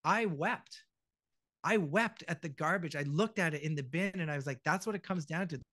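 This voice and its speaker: A middle-aged man with a fairly high voice tells stories on a podcast, acting out every quote and swearing freely. The sound is close and dry, with no room around it. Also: moderate pace, no room sound. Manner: animated storyteller, acts out quotes, swears freely. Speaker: podcast guest, voice actor. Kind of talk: casual podcast chat.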